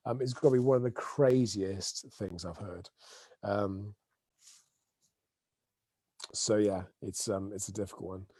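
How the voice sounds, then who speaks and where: A man's voice: medium pitch, warm tone, no room sound. A man hosting his own weekly live stream from home, chatting unscripted and rambling with plenty of ums and restarts. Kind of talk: unscripted casual monologue.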